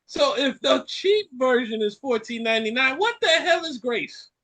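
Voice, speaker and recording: A Caribbean man hosting a podcast, ranting in an animated way and repeating lines for effect. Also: very high-pitched, moderate pace. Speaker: podcast host. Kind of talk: casual chat.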